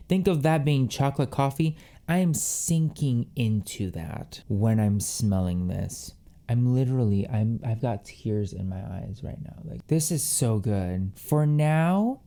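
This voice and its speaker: A man's voice: mid-range voice, dark tone, clear, resonant tone. A man hosting a fragrance review vlog, moving between reading scripted perfume descriptions and gushing, theatrical reactions.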